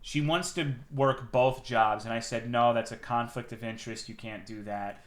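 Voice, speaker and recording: Profane, animated young man streaming. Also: medium pitch, moderate pace. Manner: animated, profane storytelling with sudden loud outbursts. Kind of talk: casual stream chat.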